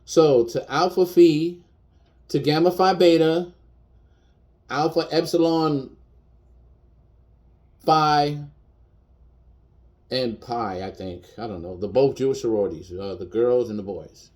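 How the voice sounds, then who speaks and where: Blunt mellow-voiced man in his fifties. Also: mid-range voice, takes it slowly, long pauses. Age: 50s. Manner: blunt, defiant and emotional, repeating points for emphasis. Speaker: chef. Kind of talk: personal video rant.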